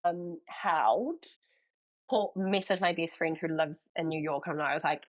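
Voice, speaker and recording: Young nz woman on a podcast, lowish voice, animated storytelling, does little voices for quotes. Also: normal speed, highs cut off. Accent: New Zealand. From New Zealand. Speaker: podcast guest. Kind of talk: casual chat.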